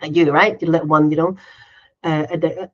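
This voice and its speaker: Here the co-host's voice sits low and holds a steady tone at a brisk pace, with the high frequencies clipped. Her casual podcast talk flows on and on, peppered with "right?" and little acted-out quotes of what she was thinking.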